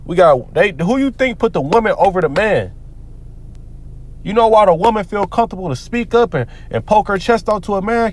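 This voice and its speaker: A man with a high, very lively voice that swings up and down as he rants. He talks in a heated, profane, preachy way, like a street preacher. He breaks off to read scripture aloud in commentary style. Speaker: commentary vlogger.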